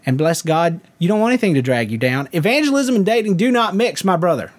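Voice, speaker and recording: A man's voice: sits high, expressive, fast talker, voice pushed up. A man putting on a folksy Southern preacher. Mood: preachy. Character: loud charismatic male Southern preacher. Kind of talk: mock sermon.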